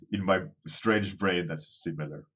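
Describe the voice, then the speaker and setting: A man's voice: deep voice, fairly bright tone. A man casually chatting with viewers during a livestream, rambling and self-deprecating, often restarting his phrases as he thinks aloud. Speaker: artist streaming a daily warmup.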